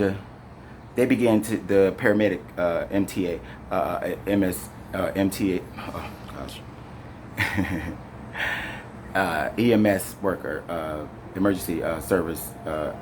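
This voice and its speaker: A man with a somewhat low voice tells his own story straight to camera. He rambles and restarts, stacking up fillers as he goes. A faint ambient hum sits behind him. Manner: animated, addresses viewers directly. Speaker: storyteller recounting an arrest. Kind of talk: emotional first-person storytime to camera.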